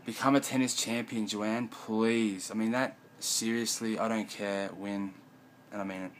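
A man's voice: lowish voice, fairly even intonation, unhurried, slight background noise, poor audio. A man rambling in a profane vlog monologue at home, often mumbling.

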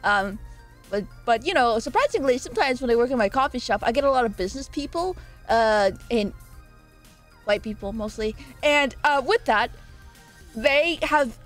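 A woman's voice: on the high side, lively intonation, normal speed, soft background music. A young woman chatting casually on a live stream from her own room, playful and giggly, rambling between greetings.

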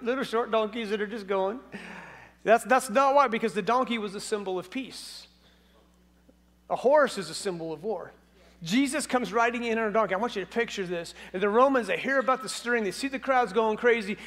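High-voiced animated male preacher. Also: fairly quick. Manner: animated, jokey storytelling preacher. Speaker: pastor. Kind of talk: sermon.

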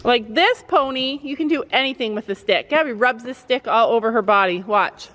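A woman vlogging outdoors with horses, talking softly and coaxingly to a nervous pony, recorded on a camera mic. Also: on the high side, normal speed, big-room sound. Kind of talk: casual vlog narration.

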